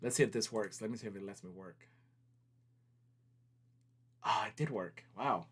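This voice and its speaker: A man's voice: fairly low pitch, moderate pace, fairly bright tone, slight background noise. A man running a company livestream in casual chat, laughing easily and talking to viewers as he works on screen. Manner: chatty, laughs easily, talks to viewers while working on screen. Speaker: company CEO hosting a livestream.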